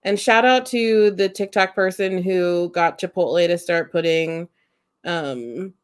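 A woman's voice: on the low side, unhurried, clean tone. A young woman from Central Ohio co-hosting a casual podcast, blunt and opinionated. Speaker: podcast co-host. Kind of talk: casual chat.

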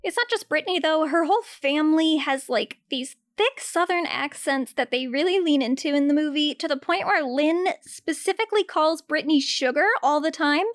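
A young woman with a high, bright voice delivers a casual film commentary, blunt and openly sarcastic and ready with a curse word. The sound is close and dry, with no room around her. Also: normal speed, few pauses, no room sound.

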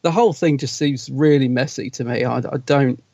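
A man's voice: mid-range voice, fairly quick, vocal fry, mellow, dry recording, muffled recording. A man co-hosting a casual fan podcast, sounding downbeat and frustrated and often stammering as he restarts his sentences. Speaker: podcast co-host.

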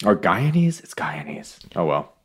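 Male podcast co-host, low-ish and lively, rambling and laughing. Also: a little slow, gravelly, breathy edge. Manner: rambling, restarts, laughs often. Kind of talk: casual chat.

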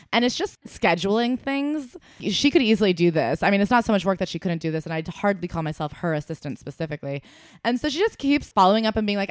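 Animated young woman podcast co-host. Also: fairly low pitch, fast, clear, resonant tone, dry recording, clean studio sound. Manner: animated storytelling, frequent laughter, acts out quoted people. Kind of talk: casual chat.

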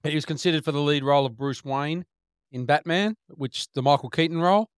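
A man co-hosting a movie podcast, briskly reading out trivia about actors. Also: on the high side, clear, resonant tone, dry recording, clean studio sound. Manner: brisk, reads out facts. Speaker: podcast co-host presenting trivia. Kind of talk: casual movie podcast chat.

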